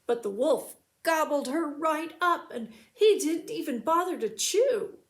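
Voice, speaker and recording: A woman, a children's librarian, reading a storybook aloud slowly and expressively. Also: high-pitched. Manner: slow and expressive.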